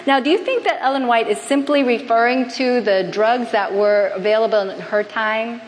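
A woman's voice: on the high side, normal speed. A woman preaching a sermon, often asking the congregation questions. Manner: engages the audience with frequent questions. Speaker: preacher and health missionary. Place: church hall with a congregation. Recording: reverberant hall with faint background noise.

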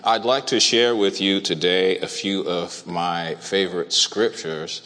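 A man preaching a sermon to a congregation, speaking deliberately and asking them questions. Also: low-pitched, fairly even intonation, sharp tone. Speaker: pastor. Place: church hall. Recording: reverberant church hall.

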